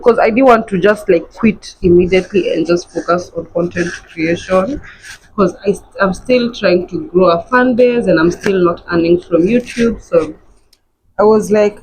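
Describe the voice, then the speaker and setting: A woman's voice: mid-range voice, a little mellow, slightly rough, rough recording. A young woman in her twenties from Kenya, chatting casually to her viewers in a rambling, repetitive way while getting ready at home. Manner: chatty, rambling, repeats herself, talks to viewers as friends. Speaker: vlogger.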